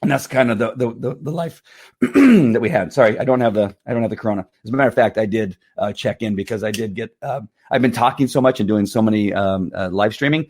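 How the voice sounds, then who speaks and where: A middle-aged man talks casually on his livestream, his lowish voice a little hoarse from strain. He rambles, stumbles over repeated words and breaks into laughs as he goes. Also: expressive, fast talker, a little mellow. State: slightly hoarse from strained vocal cords. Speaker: livestream host.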